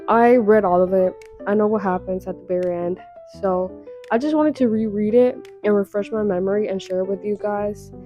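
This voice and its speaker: A woman's voice: medium pitch, dark tone. A young woman casually recapping a webtoon, chatty and full of fillers with dramatic little reactions.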